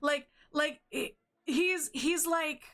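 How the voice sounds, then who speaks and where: A woman narrates a tabletop game as its game master, slowly and with a lot of stops and fillers. Her voice is bright and sits fairly high. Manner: rambling, hesitant, laughs often.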